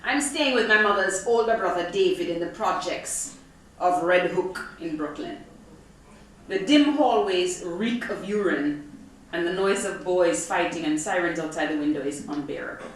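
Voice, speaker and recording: A middle-aged woman reading from her memoir to a live audience, expressive and profane with comic timing. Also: fairly low pitch, moderate pace. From Jamaica. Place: arts center event hall, audience present. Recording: echoey hall from far off, faint noise.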